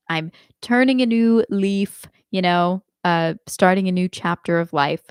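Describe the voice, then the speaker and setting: A woman teaching a live online singing lesson, explaining slowly and singing short examples. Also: medium pitch, lively intonation, clean tone, no room sound, clean studio sound.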